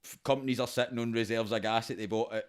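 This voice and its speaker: A man's voice: medium pitch, steady tone, fast talker, smooth. A man with a Scottish accent in a casual podcast chat, explaining things in a laid-back way. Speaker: podcast co-host.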